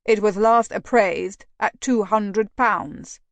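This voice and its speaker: Woman reading a stern, scheming older gentleman in a storybook; clipped, slow delivery. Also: medium pitch, gravelly, no room sound. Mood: cold. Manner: clipped, dismissive.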